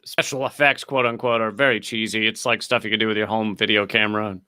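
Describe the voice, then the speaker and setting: Quick, anecdotal male comedian guest. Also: fairly low pitch, little pitch movement, sharp tone, clean tone, no room sound, clean studio sound. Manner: rapid, storytelling, loose. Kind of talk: casual anecdotal chat.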